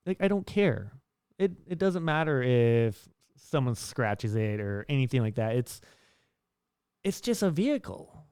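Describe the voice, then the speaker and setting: A man's voice: smooth, no echo. Chatty rambling young man, dry close sound. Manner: rambling and chatty, with many restarts and fillers; lively storyteller, pitch jumping up when acting out dialogue. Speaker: vlogger giving life advice. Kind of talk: casual monologue.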